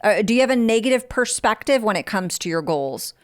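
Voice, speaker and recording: A woman's voice: medium pitch, animated, a little fast. A woman hosts a motivational podcast. She speaks in a direct, frank coaching manner and keeps it informal, addressing listeners like friends. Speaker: podcast host.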